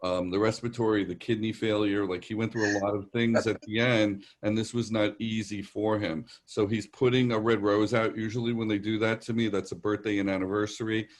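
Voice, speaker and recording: Low-voiced man with a New York accent. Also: level tone, brisk, few pauses. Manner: rambling, reassuring, relays messages in quotes. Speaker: psychic medium. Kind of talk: live virtual show readings.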